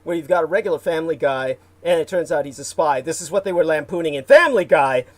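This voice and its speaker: Guy rambling thru a livestream chat, lots of ums and restarts, kinda high voice. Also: animated, quick pace. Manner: rambling, many fillers and restarts, reads out viewer comments. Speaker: livestream host.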